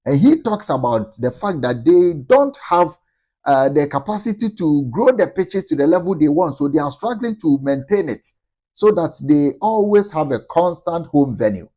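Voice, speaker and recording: A man giving measured sports commentary, explaining a situation. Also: fairly high pitch, sing-song, mellow. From Ghana.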